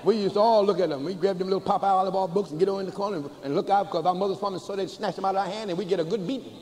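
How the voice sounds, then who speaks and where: An older man, a bishop preaching a sermon to a church congregation, folksy and humorous, slowing to chanted emphasis. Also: high voice, darkish tone. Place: large church before a congregation. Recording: hall reverb with faint ambience, cassette.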